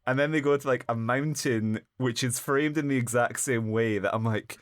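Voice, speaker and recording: A man's voice: medium pitch, brisk, hardly any pauses, dry recording, clean studio sound. A man co-hosting a podcast, chatting casually about a bad film in a wry, rambling way. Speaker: podcast co-host. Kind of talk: casual chat.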